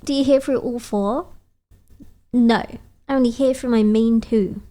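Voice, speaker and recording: A woman's voice: fairly high pitch, fairly even intonation, a little slow, mellow. A woman streamer chatting casually and playfully, reading out viewer messages and teasing back at a desk mic.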